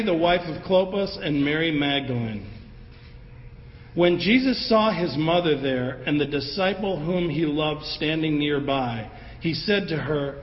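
A man preaching a sermon in a conversational, animated way, acting out the voices of the people in his story. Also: fairly high pitch. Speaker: pastor. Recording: roomy hall with long echo, dull sound, faint ambience.

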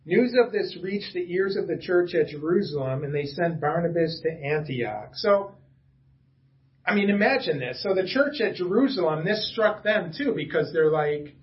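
A man preaches a casual sermon to a small church gathering. His voice sits a bit higher than usual, and he delivers it conversationally, with homey asides and stumbling restarts. The recording is muffled and lo-fi. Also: lively intonation, moderate pace. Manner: casual and chatty, with self-deprecating asides and frequent restarts. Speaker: pastor. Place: church room with a small congregation.

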